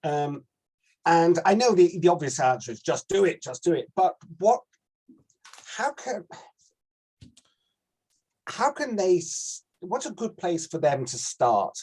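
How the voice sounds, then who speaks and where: A man who teaches acting classes, asking a question in a hesitant, halting way with a husky voice. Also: fairly high pitch, very animated, a little mellow. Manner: hesitant, halting, with many fillers. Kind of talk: asking a question on a group call.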